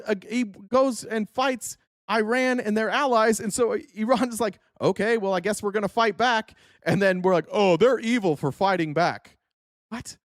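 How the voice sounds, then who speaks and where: Brief: male host, higher voice, very lively pitch, heated and profane, dry close-mic sound. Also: no echo. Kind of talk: political commentary rant.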